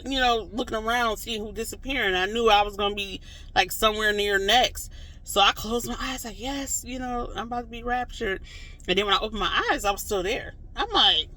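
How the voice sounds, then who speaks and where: Animated vlogger with a bright voice. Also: mid-range voice. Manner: animated, acts out reactions in quotes; rambling with frequent "like" and "you know". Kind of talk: casual storytelling to camera.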